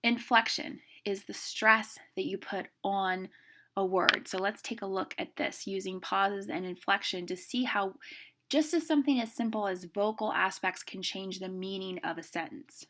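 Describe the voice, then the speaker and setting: A middle-aged woman teaching a class on speaking, brisk and emphatic, demonstrating stress and pauses as she goes. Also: mid-range voice, bright, forceful tone, slight background noise. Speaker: speech instructor. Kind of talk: classroom lecture.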